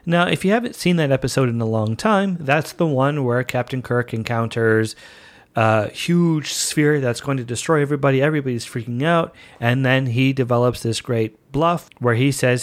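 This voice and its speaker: An excitable man hosts a fan podcast in a chatty, playful monologue. His voice sits at an ordinary middle pitch for a man, and he rushes along with obvious enthusiasm. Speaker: podcast host.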